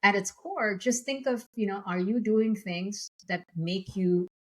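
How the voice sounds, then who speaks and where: A woman guest speaking in a measured, thoughtful way, with light laughs. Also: medium pitch, low-quality recording. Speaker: podcast guest. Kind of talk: reflective conversation.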